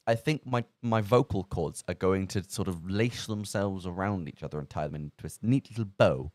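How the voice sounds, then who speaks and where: A man's voice: low-pitched, animated, normal speed, few pauses, dry recording. A man hosting a live charity radio stream, rambling and self-mocking with lots of fillers, talking into a studio microphone in a small studio. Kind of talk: casual live radio chat.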